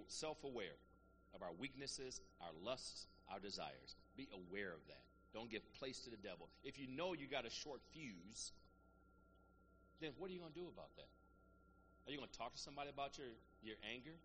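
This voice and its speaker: A man's voice: medium pitch, fairly bright tone, a little hiss or hum. A man preaching a sermon to a congregation, rising into emphatic call-and-response and easing back into plain teaching.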